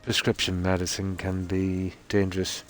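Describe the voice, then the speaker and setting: Music plays in the background as a man with a low, monotone voice gives live-stream commentary on a game from his home at night. His talk is easygoing and rambling, full of pauses and "you know"s.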